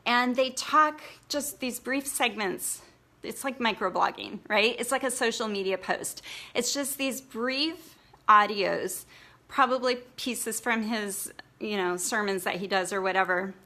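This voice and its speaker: Woman, blogging coach, chatty, encouraging, crisp bright tone, slightly high voice. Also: measured pace. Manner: chatty, encouraging, filler-heavy. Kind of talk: casual live training talk.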